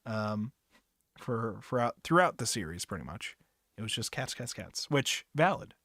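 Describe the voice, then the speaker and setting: A man's voice: medium pitch, sing-song, moderate pace, pushed and bright, no echo, clean studio sound. A man hosting a podcast book club, chatting casually in a rambling, profane, laid-back way. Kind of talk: casual chat.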